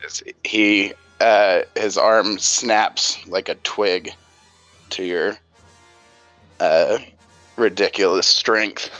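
A man narrating as game master of a tabletop game, with a hesitant, measured delivery. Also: deep voice, steady tone, bright, forceful tone, no echo, highs cut off, faint music behind.

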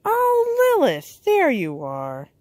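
A woman narrating and acting out a toy-play story in an expressive, worried way, with frequent gasps. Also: high voice, slow pace.

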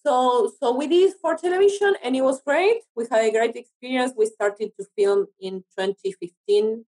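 An actress from Argentina with an Argentinian Spanish accent, speaking English as a second language in a casual interview, often pausing to search for words. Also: female voice, a little high, darkish tone, rough recording. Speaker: actress guest.

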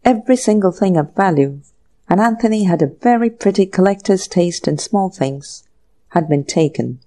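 A woman narrating a classic mystery audiobook in a measured storytelling manner. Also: on the low side, expressive, dark tone. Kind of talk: scripted narration.

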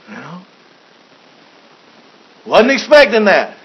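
A man's voice: high-pitched, animated, moderate pace, pauses often. A man preaching a sermon as pastor, joking and chuckling, with frequent restarts. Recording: dull lo-fi recording.

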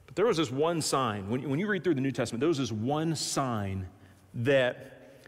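A male pastor preaching a sermon, telling stories with dramatic swings from loud to hushed and folksy asides, in a church sanctuary. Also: medium pitch, animated, moderate pace. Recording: echoey church hall.

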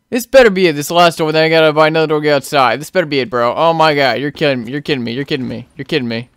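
A young man hosting his gaming channel, giving casual play-by-play commentary and getting excitable, yelling in frustration when things go wrong. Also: fairly high pitch, fast talker, few pauses, dry recording.

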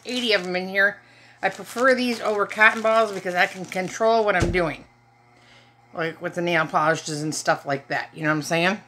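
A woman's voice: mid-range voice, sharp tone. A middle-aged woman from Michigan, chatting casually through a shopping haul and cracking jokes to her viewers. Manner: chatty, joking asides to viewers. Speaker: haul vlogger. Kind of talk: casual haul chat to camera.

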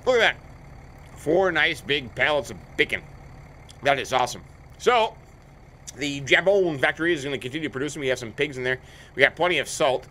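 A man's voice: fairly high pitch, sharp tone, slight background noise. Chatty American man narrating a farming game. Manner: chatty, joking, talks to imaginary companions. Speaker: let's play host. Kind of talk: casual game commentary with role-play banter. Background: faint game vehicle sounds.

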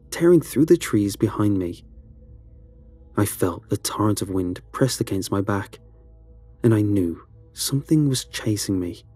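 A man reading a first-person horror story aloud, with a slow, dramatic storytelling delivery. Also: fairly low pitch, warm tone, slightly rough, dry recording. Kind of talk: scripted horror narration.

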